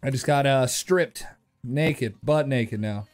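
A man streaming a game live, talking his way through it with excitable outbursts, shouts and laughter. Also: mid-range voice, slow pace. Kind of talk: live gameplay commentary.

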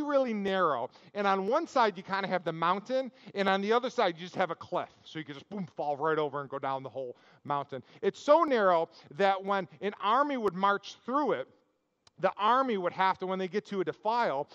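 A male pastor delivers a sermon in a relaxed, story-driven way, slipping in jokes and personal asides. His voice sits fairly high. The sound is a little muffled, with a long church-hall reverb trailing each phrase. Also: fairly quick. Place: church sanctuary.

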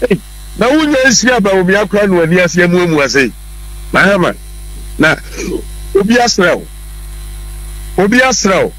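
A man's voice: sits high, fairly bright tone, rough recording. A Ghanaian man arguing his political views on a talk show, emphatic and repetitive, mixing English words into his speech. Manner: emphatic, argumentative, repeats points, mixes in English words. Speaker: political commentator.

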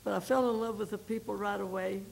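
An older woman, a missionary, giving a folksy personal testimony to a women's group, telling her story with pauses and repeated starts. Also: medium pitch, steady tone, gravelly, a little mellow, a little hiss or hum, low-quality recording. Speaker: missionary speaker.

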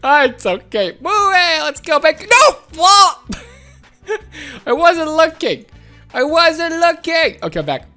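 Woman, high voice, very animated pitch, let's-play commentary, excitable, playful, faint game music behind. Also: takes it slowly. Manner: excitable, playful, often laughing and shouting. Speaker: gaming channel host.

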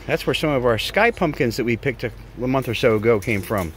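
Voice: mid-range voice, expressive, normal speed, slight background noise. A parrot sanctuary caretaker chatting casually to the birds in an outdoor aviary, with cooing, sing-song baby talk. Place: outdoor aviary under trees.

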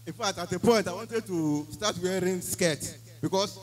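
A man's voice: high-pitched, moderate pace, low-quality recording. Emphatic Nigerian man giving testimony. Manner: emphatic storytelling, Nigerian Pidgin phrases. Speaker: church member giving testimony. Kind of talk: church testimony.

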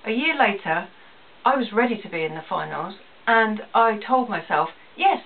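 A woman's voice: medium pitch, animated, normal speed. A woman who runs a small business, talking earnestly to camera in a personal vlog and repeating phrases for emphasis. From England. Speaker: small business owner vlogging. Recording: tinny phone-like audio, distant, faint hiss.

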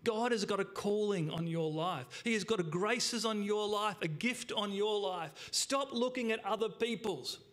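Male pastor with a high voice, preaching with emphasis, stretching key words and dropping low for effect. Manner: emphatic, with slowed words and drops to a hush; addresses the congregation directly. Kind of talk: sermon.

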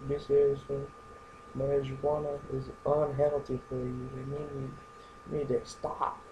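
A young man rambling through a goofy comedic vlog monologue, going from joke to joke with silly deadpan asides. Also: a little high, dull audio, slight background noise. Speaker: vlogger.

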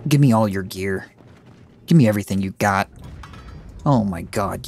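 A man giving let's play commentary, talking to himself and reacting aloud with excitement as he plays. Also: fairly low pitch, normal speed, vocal fry, noisy background. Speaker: gamer. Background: game music.

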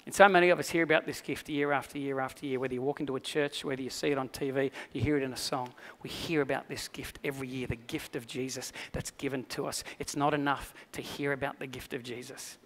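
An Australian man preaching a sermon, telling a personal story with animated energy and then turning quiet and earnest for the message. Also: medium pitch, fast, few pauses, in a large hall. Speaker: pastor.

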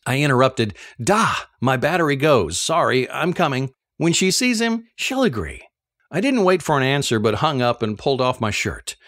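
A man reading a first-person novel aloud, telling the story in an expressive, animated way. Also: medium pitch, dry recording, studio quality. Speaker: audiobook narrator.

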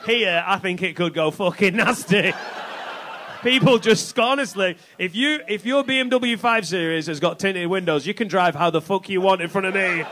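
A man's voice: high-pitched, bright, forceful tone, a little hiss or hum. A middle-aged man performing a stand-up comedy set on a club stage, brash and sweary, acting out the voices he quotes. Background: faint audience laughter.

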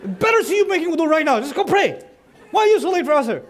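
A man's voice: very high voice, big pitch swings, quick pace, some chatter behind, voice pushed up. A man voicing a harsh parent who nags and belittles his son, within a lecture. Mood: scolding. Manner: scolding, belittling.

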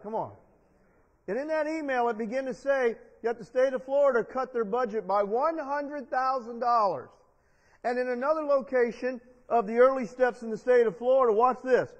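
Male pastor with a very high pitch, preaching call-and-response, recorded muffled in a reverberant sanctuary. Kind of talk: sermon. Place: church sanctuary. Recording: dull long-reverb church sound.

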